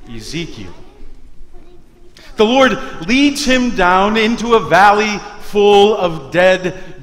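A man preaching a sermon as pastor, emphatic, with rhetorical questions and dramatic pauses. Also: sits high, a bit bright. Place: church sanctuary. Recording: long church reverb.

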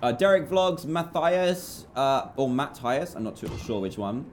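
A man's voice: mid-range voice, animated, unhurried, a little hiss or hum. A young British man chatting while streaming a game live, reading out donors' names and apologising often.

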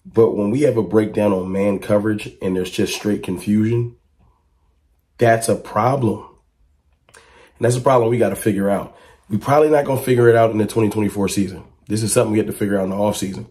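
A man giving casual fan commentary to camera, talking emphatically and asking a stream of rhetorical questions. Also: fairly quick. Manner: rises to excited high-pitched exclamations when reacting to clips.

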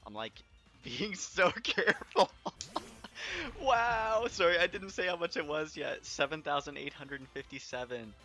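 A man's voice: fairly high pitch, normal speed, creaky, pushed and bright, soft background music. A man streaming a video game live, overexcited and shaking, exclaiming and laughing between apologetic rambles into a clipping desk mic. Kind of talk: live gaming stream commentary. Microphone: desk microphone, audio clipping.

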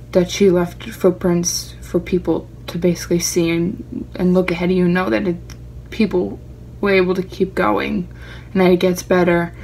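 Young woman vlogger, lowish pitch, excitable, rambling chat. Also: gravelly, slight background noise. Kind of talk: casual chat to camera.

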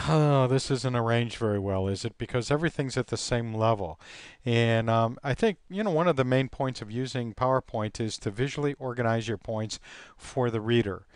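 A man teaching software on a screen recording, relaxed and thinking aloud with frequent ums and uhs. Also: mid-range voice, smooth, no echo, studio quality.

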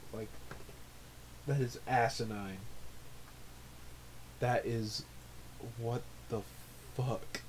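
Excitable young man shrieking over a game. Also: slight background noise. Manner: excitable, swings from low mutters to shrieks, swears. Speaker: gamer, channel host. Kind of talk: let's play commentary.

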